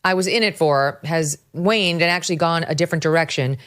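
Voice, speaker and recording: A woman's voice: low voice, fairly quick, fairly bright tone, clean tone. A woman hosting a talk show, making sardonic, mocking commentary. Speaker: podcast host.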